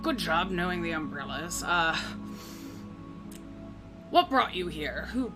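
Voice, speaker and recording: A woman's voice: on the low side, big pitch swings, slow, music in the background. A woman voicing an older, scarred orc woman who leads weary healers, speaking formally and hesitantly.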